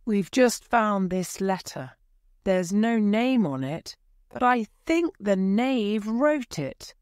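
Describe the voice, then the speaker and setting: A woman voicing a fussy, hurried male white rabbit acting as court herald in a storybook. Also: mid-range voice, lively intonation, a little mellow, smooth, no room sound, clean studio sound, voice pushed up. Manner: hurried and eager.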